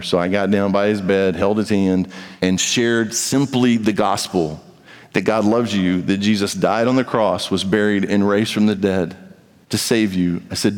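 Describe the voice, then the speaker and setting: A man's voice: lowish voice, fairly even intonation, normal speed, darkish tone, clean tone. A male pastor preaching a sermon with emphatic delivery, acting out the voices of imagined speakers. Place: large church sanctuary. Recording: reverberant hall.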